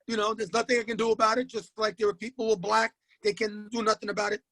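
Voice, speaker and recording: New guy in his 60s, basketball coach telling stories, repeats himself, voices everybody, bright tone. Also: sits high, fast, no room sound. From Queens, New York. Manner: animated storyteller who acts out voices and repeats himself. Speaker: high school basketball coach, guest. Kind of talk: casual storytelling interview.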